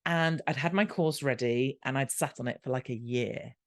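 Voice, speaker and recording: A woman's voice: extremely low pitch, normal speed. A British woman, a podcast guest, telling a story in casual chat and acting out the dialogue as she goes. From Britain. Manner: animated, acts out quoted dialogue.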